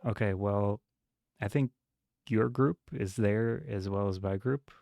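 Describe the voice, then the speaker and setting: Male player with a lowish voice. Hesitant, filler-heavy in-character chat. Dry sound. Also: unhurried, gravelly, warm tone, no room sound. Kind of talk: casual tabletop game chat.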